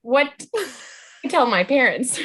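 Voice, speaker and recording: A woman's voice: high voice, animated, slow pace, a bit bright, husky. A young adult woman chatting as a podcast guest, playful and full of fillers like "like" and "um". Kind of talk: casual podcast chat.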